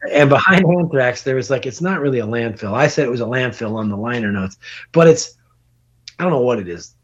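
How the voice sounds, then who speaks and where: A middle-aged man, a podcast guest, telling a long road story in casual, animated talk, swearing and laughing as he goes. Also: medium pitch, a little fast, husky. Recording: dull lo-fi podcast audio.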